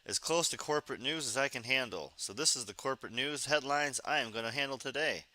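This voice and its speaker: A man's voice: mid-range voice, fairly quick, sharp tone, no room sound. A man hosting a casual late-night news commentary stream, sarcastic and ranting, talking carefully with a sore face after surgery. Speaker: live stream host.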